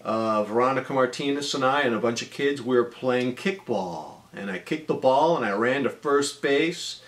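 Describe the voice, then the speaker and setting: A man in his forties telling a personal story in a casual, deadpan-humorous way, with frequent ums and uhs. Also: mid-range voice, normal speed.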